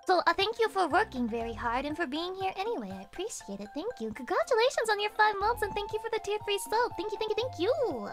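A young woman streaming, chatting casually with her viewers and swearing with loud outbursts. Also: very high-pitched, sing-song, fast, hardly any pauses, music in the background. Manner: profane, loud outbursts, rowdy. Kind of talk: casual chat reading chat messages.

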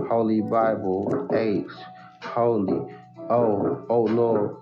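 Low gravelly man freestyling over music. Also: level tone, takes it slowly, pauses often, echoey room. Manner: boastful, repetitive wordplay. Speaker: rapper. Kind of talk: freestyle rap over a beat. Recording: muffled lo-fi recording with music. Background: music playing.

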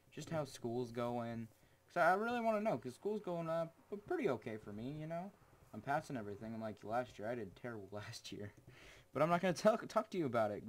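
A man hosts his gaming channel in a loose, chatty way. He is goofy and excitable and often bursts into exclamations. His voice sits at an ordinary, middle pitch. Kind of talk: casual gameplay commentary.

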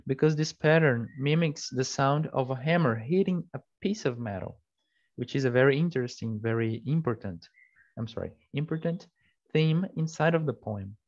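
A man's voice: medium pitch, lively intonation, moderate pace, a little mellow, lo-fi sound. A young man whose first language is Portuguese, giving a class presentation in an explanatory way, often correcting himself. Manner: explanatory, with fillers and self-corrections. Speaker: student presenter.

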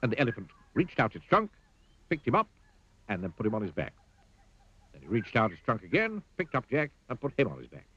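Husky man narrating a storybook. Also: mid-range voice, a little fast, no echo, muffled recording. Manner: expressive, playful storytelling.

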